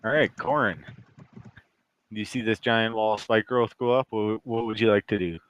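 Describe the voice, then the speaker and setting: A man's voice: fairly low pitch, moderate pace, fairly bright tone, smooth, dull audio. A man acting as game master in a tabletop game, giving easygoing rulings.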